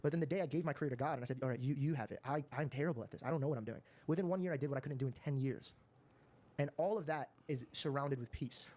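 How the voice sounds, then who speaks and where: Very fast-talking man hosting a podcast. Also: medium pitch, a little mellow. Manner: earnest, storytelling, rapid. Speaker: podcast host. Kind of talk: interview conversation.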